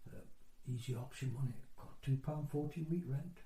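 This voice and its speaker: A man's voice: medium pitch, normal speed, dark tone. A man in his sixties from North East England, telling his memories in a rambling, conversational way during an oral history interview. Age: 60s. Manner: rambling, conversational storytelling with broken-off phrases. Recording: roomy echo.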